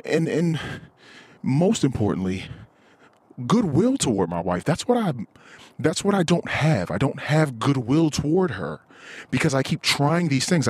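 A man's voice: medium pitch, breathy edge, no echo. A man hosting a podcast, venting in a blunt, profane, frustrated casual monologue. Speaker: podcast host.

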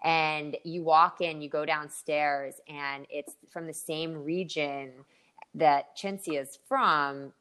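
Brief: American woman podcast co-host, low voice, playful storyteller. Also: fairly even intonation, slow, fairly bright tone, clear, resonant tone. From United States. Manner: chatty storyteller, playful, laughs often. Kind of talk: casual chat.

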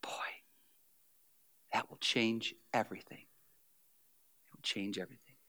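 A man preaching a sermon as pastor, animated, acting out little scenes and sometimes dropping to a near whisper. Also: fairly low pitch, a little slow.

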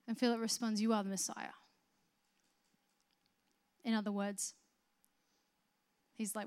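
A woman preaching a sermon, swinging from soft, conversational explanation to loud, emphatic proclamation. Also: medium pitch, flat delivery, measured pace, pauses often, clear, resonant tone. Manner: conversational, with restarts and filler words.

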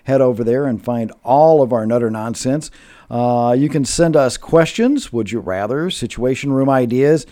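A man co-hosting a casual podcast chats with a warm, mid-range voice at normal speed, rambling with plenty of fillers and restarts.

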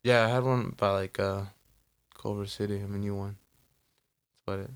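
Podcast co-host, man, low gravelly voice, loose rambling chat. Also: steady tone, brisk. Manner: rambling, lots of "like" and "you know". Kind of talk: casual chat. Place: Los Angeles.

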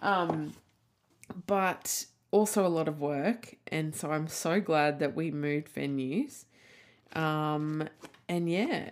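Chatty woman, lowish voice. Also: slow pace. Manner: rambling and candid, lots of "like", casual swearing. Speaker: podcast host. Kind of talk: casual solo podcast chat.

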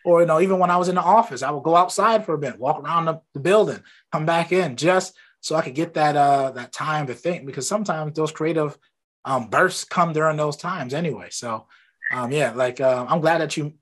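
A man hosting an interview from his home office, talking in a relaxed, rambling way about his own habits. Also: on the high side, a little fast. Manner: relaxed and talkative, rambling anecdotes. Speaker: podcast host. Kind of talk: casual interview chat.

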